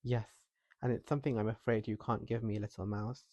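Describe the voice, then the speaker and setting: A man voicing a modest young farmer's son in a storybook reading, speaking quietly and modestly. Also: on the low side, steady tone, brisk, no room sound, lightly acted.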